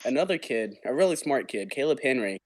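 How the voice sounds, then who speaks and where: A man's voice: medium pitch, sing-song, brisk. A teenage boy co-hosting a casual podcast, telling a funny school story with frequent laughter. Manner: laughing, jokey retelling. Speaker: podcast co-host.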